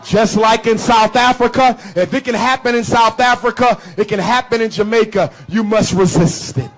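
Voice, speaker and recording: A man giving an impassioned public speech to an audience in a rhythmic preaching cadence, punching key phrases with shouts. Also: high voice, normal speed, poor audio. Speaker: public speaker. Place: live event before an audience.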